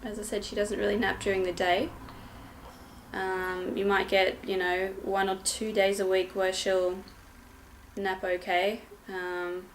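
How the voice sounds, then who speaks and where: Slow, hesitant young mother vlogging. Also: medium pitch, little pitch movement, slight background noise. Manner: hesitant, many ums and restarts. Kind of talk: casual vlog update.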